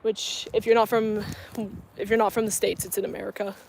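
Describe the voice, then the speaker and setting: A woman's voice: medium pitch, level tone, a little fast, vocal fry. A young woman in her twenties talks casually to her phone camera outdoors, laughing often as she answers viewers' comments. Her voice sits in a middle range. A faint outdoor hiss sits behind her. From North Carolina, US coast. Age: 20s. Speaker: vlogger. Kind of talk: casual livestream chat. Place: outdoors, parking lot and grassy area.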